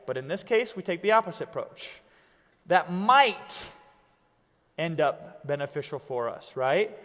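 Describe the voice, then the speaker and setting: A man teaching an online business lesson in a lively, conversational way, checking in with "right?" over and over. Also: sits high, big-room sound. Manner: animated, conversational, keeps asking "right?". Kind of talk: coaching lesson.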